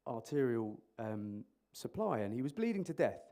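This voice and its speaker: Animated man quizzing a conference audience. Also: mid-range voice, normal speed. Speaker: conference speaker, emergency clinician. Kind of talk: interactive conference talk. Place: conference hall. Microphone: microphone.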